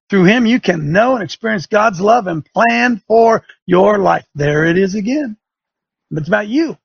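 Fiery sarcastic preaching man, gravelly high voice. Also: no room sound, dull audio. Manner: fiery, sarcastic, rising to shouts. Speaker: talk show host. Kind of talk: preaching radio talk.

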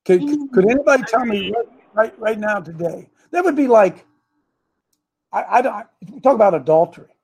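High-voiced preacher man calling for amens. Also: animated, moderate pace, creaky, a little mellow, breathy edge. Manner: calls for amens from the congregation; repeats words and restarts, speaks directly to people in the room. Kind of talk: sermon mixed with political talk.

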